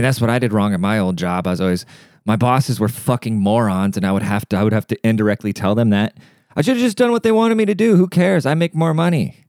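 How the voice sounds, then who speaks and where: A man's voice: fairly low pitch, darkish tone, smooth, no room sound, studio quality. A man ranting casually and sarcastically, swearing freely as he talks alone into the mic. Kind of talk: casual profane rant.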